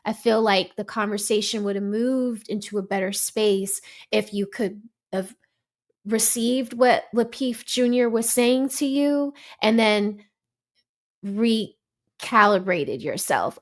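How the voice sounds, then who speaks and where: A woman's voice: medium pitch, slow pace. A woman giving an exasperated, emphatic commentary, lecturing as she reacts to a panel clip. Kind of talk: ranting commentary.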